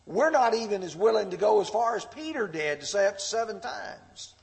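A male pastor preaching a sermon, swelling loud and impassioned as he reads scripture aloud. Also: sits high, expressive, fairly quick, gravelly. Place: church sanctuary. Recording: long reverb of a large hall.

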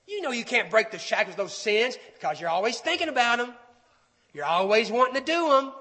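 A man's voice: extremely high pitch, big pitch swings, brisk, bright, forceful tone, heavily acted. A man voicing the lying voice of the devil, mocking and scornful in a raised voice. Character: taunting lying voice of the devil, male. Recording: echoey hall with long reverb.

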